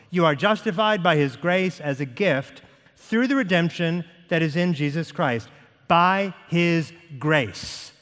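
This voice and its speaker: A man preaching a sermon to a congregation, reading scripture slowly and pressing each point with emphasis. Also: fairly high pitch, a bit bright. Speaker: pastor. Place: church sanctuary. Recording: long hall reverb.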